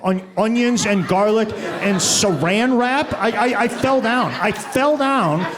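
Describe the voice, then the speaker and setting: A man's voice: sits high, a little slow. A male stand-up comedian with a stammering, self-deprecating delivery, on a club stage with a handheld mic. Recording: live stand-up with audience crowd.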